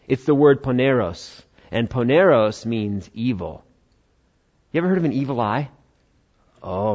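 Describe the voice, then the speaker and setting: Conversational American pastor, slightly muffled. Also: male voice, medium pitch, a little mellow. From United States. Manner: conversational preaching with quick quoted asides. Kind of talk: sermon.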